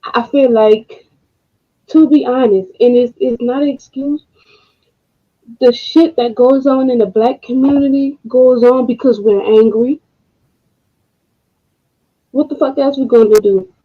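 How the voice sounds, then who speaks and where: A woman speaks slowly, with pauses, her voice close to tears and full of frustration. She swears bluntly and keeps coming back to the same point. The recording is dull and lo-fi. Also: sits high, steady tone. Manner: frustrated, halting, profane. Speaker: co-host. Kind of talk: emotional commentary.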